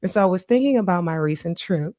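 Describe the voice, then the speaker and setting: A middle-aged woman hosts her own podcast in a relaxed solo chat, laughing often as she goes. Her voice sits low and mellow. The recording is dry and close, with no room sound. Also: fast, no room sound. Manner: warm, chatty, laughs often. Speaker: podcast host. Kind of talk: casual solo podcast monologue.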